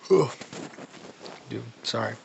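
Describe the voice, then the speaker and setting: Slow, gravelly man rambling a fan story. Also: medium pitch, expressive, lo-fi sound, a little hiss or hum. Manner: rambling, filler-heavy and profane. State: sleepless. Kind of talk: improvised fan story narration.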